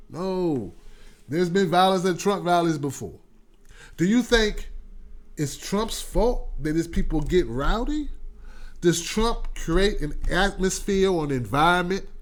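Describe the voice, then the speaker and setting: A man hosting a call-in commentary show, talking loose and slangy straight to his audience. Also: sits high. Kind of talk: casual talk-show commentary.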